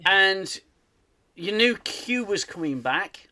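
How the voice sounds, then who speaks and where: A man from the UK hosts a casual live stream chat, his voice bright and a little higher than most. He rants with animated energy, tripping over restarts as he goes. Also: takes it slowly, a little hiss or hum. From United Kingdom. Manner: animated, ranting, many restarts. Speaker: host.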